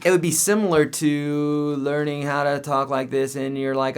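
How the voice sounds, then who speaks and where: A man's voice: mid-range voice, moderate pace, few pauses, clear, resonant tone. A man in his thirties, a guitar teacher answering viewer questions in a casual, upbeat live-stream lesson. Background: guitar playing.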